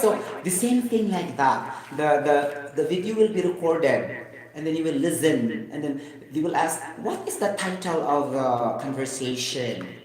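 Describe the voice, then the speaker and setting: A man's voice: fairly high pitch, expressive, a little slow, a little mellow. Filipino-accented male English tutor, chatty and repetitive, very echoey room. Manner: repeats "you get the point", chuckles, mixes in Tagalog. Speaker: English teacher. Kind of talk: informal teaching talk.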